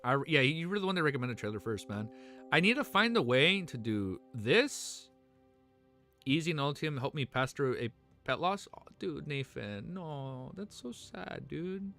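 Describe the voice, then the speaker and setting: A young man streaming live who chats casually with viewers. He is excitable, peppers his talk with "bro" and "man", and turns earnest and consoling when things get serious. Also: mid-range voice, normal speed, faint music behind. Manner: excitable, talks to chat with constant "bro" and "man". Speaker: livestreamer.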